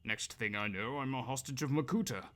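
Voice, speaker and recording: A man's voice: mid-range voice, a little fast, fairly bright tone, close to an everyday voice. A man voicing a proud, prickly old robot elder who talks in an indignant, huffy way. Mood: wry.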